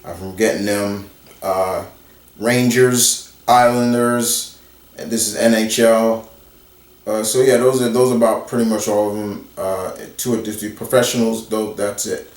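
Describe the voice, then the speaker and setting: A man's voice: on the low side, fairly even intonation, a little slow. A man, a YouTuber casually answering viewer questions in a rambling, conversational way, talking straight to his audience. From New York area. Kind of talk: casual Q&A vlog. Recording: roomy echo, distant from the mic.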